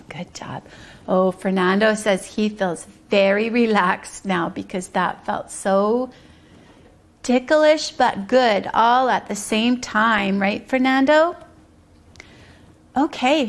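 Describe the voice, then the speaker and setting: Lady preschool teacher doing circle time, slow singsongy voice, bit higher pitched, some gravelly fry. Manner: slow sing-song teacher talk to small children; stretches out rhymes and syllables. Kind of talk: children's circle-time lesson.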